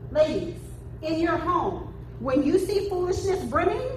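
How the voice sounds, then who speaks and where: A woman preaching a sermon at a church women's event, lively and humorous, with playful asides. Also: extremely high pitch, unhurried. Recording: echoey room from far off, noisy.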